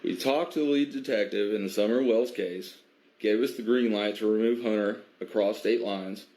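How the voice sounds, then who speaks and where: A man from a biker advocacy group recounting an incident in a measured way, with many pauses and fillers. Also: lowish voice, warm tone. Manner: measured, filler-heavy, stops to restart. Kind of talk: recounting an incident, casual monologue.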